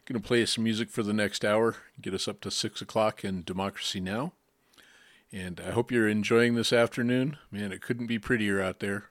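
A man's voice: on the low side, fairly even intonation, normal speed, no room sound, studio quality. A man hosting a community radio show, announcing in a friendly, casual way and reading an underwriting spot. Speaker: radio host.

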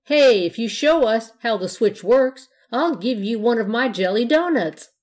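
A woman's voice: fairly high pitch, lively intonation, unhurried, a little mellow, pitched above the performer's own voice. A woman voicing an enthusiastic boy dressed as a ghost in a storybook reading. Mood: excited. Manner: eager, enthusiastic. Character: excited boy in a ghost costume, generous.

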